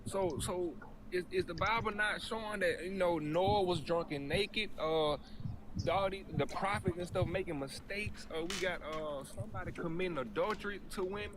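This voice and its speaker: A man's voice: sits high, normal speed, background noise. A man making searching points with fillers in a casual livestream debate. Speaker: debate panelist.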